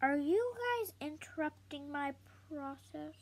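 A woman's voice: on the high side, lively intonation, drawn-out words, heavily acted. A woman reading aloud voices an earnest, slightly bossy schoolgirl in a storybook, stressing her words. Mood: indignant.

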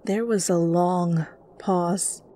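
A woman reading fanfiction aloud as a whispered role-play, telling the story softly over faint music. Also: lowish voice, fairly even intonation. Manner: soft, slow storytelling. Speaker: fanfiction reader.

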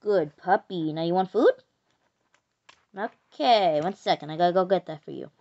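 A woman's voice: lowish voice, normal speed, warm tone. A young woman voicing her own homemade cartoon, playful, with sing-song humming and silly noises. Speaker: hobby animator voicing all characters. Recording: dull lo-fi home recording.

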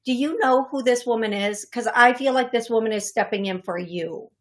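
Woman, middle-aged, radio medium taking calls, hesitant and apologetic, somewhat high-pitched. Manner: halting, apologetic, many fillers and restarts. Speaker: psychic medium radio host. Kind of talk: call-in radio reading.

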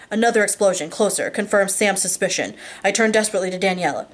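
A woman's voice: medium pitch, fast. Woman reading a novel aloud. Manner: steady, with small slips and restarts. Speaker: audiobook reader. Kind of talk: first-person novel narration.

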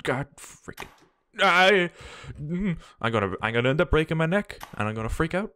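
A young man doing let's play commentary on a game, frantic and swearing, yelling at the game as he plays. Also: a little high, expressive, moderate pace, smooth. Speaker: gaming video host.

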